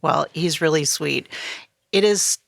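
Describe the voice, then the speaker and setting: A woman hosting a radio interview in a studio, attentive and warm, with short affirmations. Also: deep voice, slow pace, vocal fry, dry recording. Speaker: radio host.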